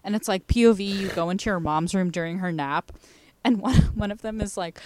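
A woman's voice: medium pitch, a little fast, darkish tone, no echo. A young woman co-hosting a podcast, telling a funny story in a rambling, casual way, laughing and swearing as she goes. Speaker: podcast co-host. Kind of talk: casual chat.

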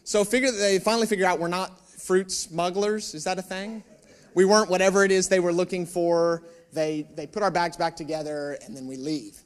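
A man's voice: high voice, brisk. A man preaching a sermon, telling a personal story and acting out the dialogue with humor, asking the audience questions. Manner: animated storyteller, acts out dialogue; joking, addresses audience with questions.

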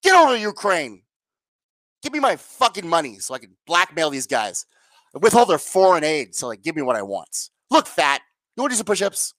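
A woman's voice: on the low side, big pitch swings, moderate pace, no echo. A woman doing a crude, blustering old politician. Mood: bullying. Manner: barking, crude, swings from shouting to hissing. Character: crude bullying older male politician, blustering father.

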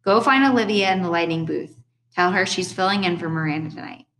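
A woman voicing a harried male drama teacher who snaps out orders in a raised, sharp voice. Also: lowish voice, brisk. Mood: exasperated. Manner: sharp, raised, barking commands.

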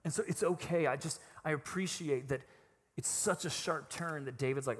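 A man preaching a sermon in a casual, emphatic way, swinging from hushed reflection to loud, raised passages. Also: a little high, normal speed, slightly rough, long reverb tail. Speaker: pastor.

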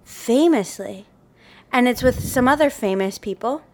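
A woman's voice: a little high, animated, unhurried, slight background noise. A young woman co-hosting a casual chat podcast, laughing often as she talks. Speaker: podcast co-host.

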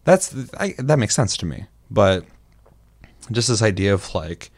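A man's voice: fairly low pitch, very animated, unhurried, no echo. A young adult man co-hosting a podcast, talking casually and profanely, rambling and acting out what others might say. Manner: profane, rambling, acts out quotes. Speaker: podcast co-host. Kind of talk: casual chat.

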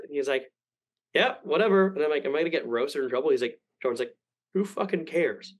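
A young man tells a rambling story at a rapid clip, peppered with profanity. He jumps between his own lines and other people's, acting out each quote as he goes. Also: a little high, low-quality recording. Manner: rambling, profane, animated quoting. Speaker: podcast guest. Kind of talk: casual storytelling.

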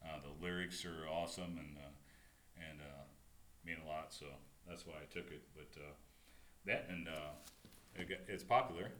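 A middle-aged man with a deep voice co-hosting a casual podcast chat, joking around and rambling with lots of fillers. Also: moderate pace, a bit bright, echoey room, slight background noise. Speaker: co-host.

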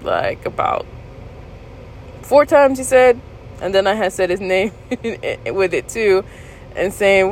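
A woman vlogger casually recounting a story to her viewers, candid and laughing, jumping into high squeals when she quotes herself. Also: takes it slowly, long pauses, rough recording. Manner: animated retelling, jumps to high squeals when quoting herself.

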